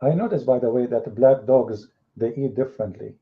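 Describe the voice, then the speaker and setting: A man hosting an online debate room speaks in a mocking, scornful way, acting out others when he quotes them. His voice is medium-pitched and steady at a normal speed, and the audio sounds tinny, like a phone.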